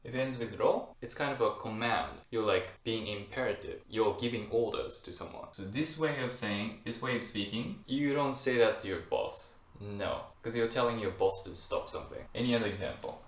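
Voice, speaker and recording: A man's voice: lowish voice, animated, moderate pace, few pauses. A young Japanese man with a Japanese accent giving a casual language lesson, explaining usage through short spoken example phrases. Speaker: language teacher. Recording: echoey room with faint noise.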